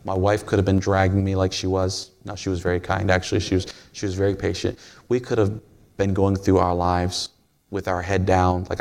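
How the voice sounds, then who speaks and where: A man preaches in a folksy, storytelling manner and jokes with the people in the pews. His voice sits low and gravelly. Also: steady tone, a little fast. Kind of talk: sermon.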